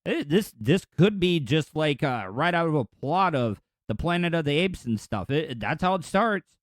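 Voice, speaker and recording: Male podcast host, slightly high voice, dry close sound, rambling comic riffs. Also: sing-song, moderate pace, no room sound. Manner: rambling, crude joking asides. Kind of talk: comedic news commentary.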